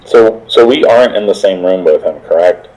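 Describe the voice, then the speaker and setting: A man's voice: deep voice, normal speed, darkish tone, rough recording. A man playing a tabletop game, asking hesitant, stammering questions. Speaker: player. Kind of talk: casual tabletop play.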